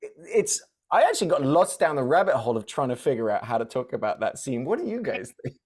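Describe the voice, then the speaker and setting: A man's voice: mid-range voice, huge pitch swings, quick pace, darkish tone, slightly rough. Guy cohost talking movies, earnest, kinda emotional, keeps asking the others what they think. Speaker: podcast co-host. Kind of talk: casual movie discussion.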